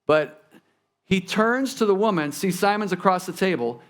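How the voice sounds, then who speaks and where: In the church sanctuary, a pastor with a high, animated voice preaches at a normal speed. He keeps the sermon conversational, breaking off to speak to the congregation in asides.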